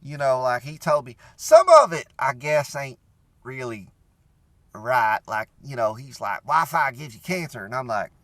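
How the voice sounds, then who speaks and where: A man's voice: mid-range voice, a little slow, bright, forceful tone, no room sound. A man playing a rambling, beer-drinking redneck, in a comedic character monologue full of "you know".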